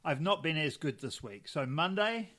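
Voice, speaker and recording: A young man co-hosting a casual podcast, his voice sitting a little high for a man. He rambles through his stories, corrects himself mid-sentence and laughs often. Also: expressive, moderate pace, sharp tone. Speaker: podcast co-host. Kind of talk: casual chat.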